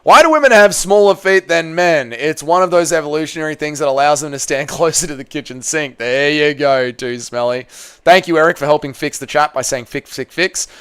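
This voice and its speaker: Australian streamer guy, slightly high, smooth and clear, loose sweary banter with chat. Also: a little fast, fairly bright tone. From Tasmania, Australia. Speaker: livestream host. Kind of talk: casual livestream chat reacting to fights and chat.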